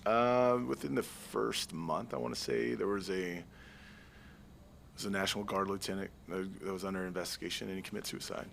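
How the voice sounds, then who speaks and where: A man from the Marshall Islands speaks as a podcast guest. His voice is very deep with a gravelly fry, and he talks in a laid-back, dry, sarcastic way that hesitates on fillers. Faint noise sits behind him. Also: normal speed, fairly bright tone. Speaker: guest, army veteran. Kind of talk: casual interview chat.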